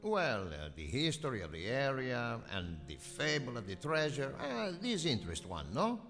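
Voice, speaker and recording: An actor with an Italian accent playing an evasive, haughty Italian tourist in a video game, clipped and dismissive. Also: male voice, medium pitch, wildly swooping pitch, normal speed, creaky, a bit bright, exaggerated voice. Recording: reverberant game audio with music.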